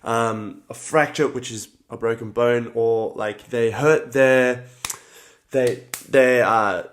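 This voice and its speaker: Young australian man, livestream host, relaxed chatty delivery, mid-pitched voice, laughs between points. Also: takes it slowly, slight background noise. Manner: relaxed, chatty, greets viewers by name, laughs often. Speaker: livestream host, combat sports athlete. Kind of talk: casual livestream chat reading comments.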